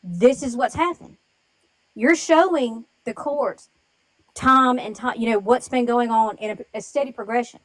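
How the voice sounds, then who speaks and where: A woman's voice: a little high, moderate pace, rough recording. A woman calling in to a livestream, speaking earnestly and emotionally in a rambling way. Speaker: caller on a livestream. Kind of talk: live-stream call-in.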